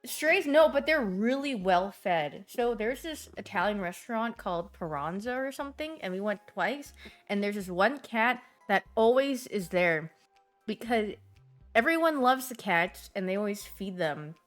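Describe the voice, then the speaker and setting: A young woman streaming, telling stories in a lively, animated way and often laughing and squealing. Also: medium pitch, measured pace, faint music behind. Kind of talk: casual chat stream.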